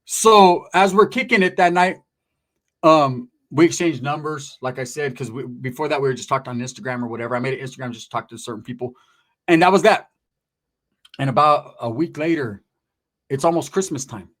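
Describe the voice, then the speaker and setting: A man spinning a long comic tale from his own life at a quick clip. His talk is slangy and profane, full of asides and check-ins with the listener. The delivery is loose and conversational, like a storyteller holding court. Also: medium pitch, a bit bright. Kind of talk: casual comedic anecdote.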